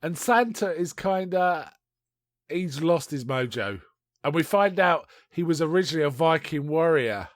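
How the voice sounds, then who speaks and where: A man's voice: fairly high pitch, normal speed, no room sound, clean studio sound. Chatty man retelling a film. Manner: rambling, animated retelling with laughs and restarts. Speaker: podcast co-host. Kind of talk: casual chat reviewing a film.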